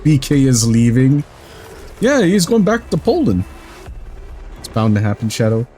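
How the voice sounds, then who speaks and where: A man streaming a video game in casual chat, excitable, swearing freely and laughing often while he yells at the game. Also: medium pitch, a little slow, soft background music.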